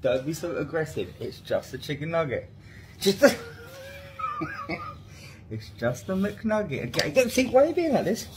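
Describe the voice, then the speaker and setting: A man playfully scolds his dog, his voice slightly high and leaping widely in pitch. It is recorded on a noisy phone video with clear background hiss. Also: wildly swooping pitch, a little slow, pauses often. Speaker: dog owner.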